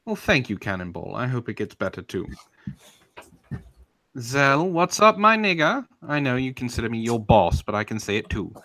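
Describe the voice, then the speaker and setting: A man's voice: on the low side, expressive, fast talker, creaky, hardly any pauses, dry recording. A man hosting a live stream, ranting in a confrontational, taunting way and answering chat, admitting he is getting heated.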